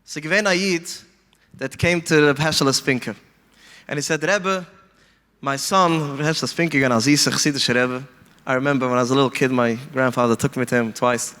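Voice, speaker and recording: A man telling stories in an animated way, mixing in Yiddish phrases and acting out the people he quotes. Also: mid-range voice, normal speed, big-room sound. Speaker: podcast guest speaker. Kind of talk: storytelling talk.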